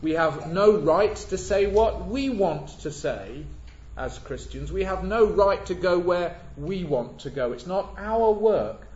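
Male preacher, slow and emphatic, slightly high voice, echoey dull recording. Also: lively intonation, darkish tone. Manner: measured, emphatic, stresses repeated words. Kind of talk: sermon. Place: church. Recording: echoey church, dull lo-fi sound.

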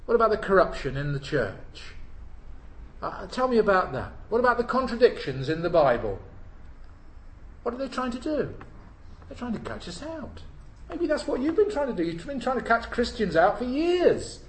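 Lively, high-voiced male preacher. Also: moderate pace, roomy sound, poor audio. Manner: rhetorical questions, swings between loud emphasis and hushed asides. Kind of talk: sermon. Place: church.

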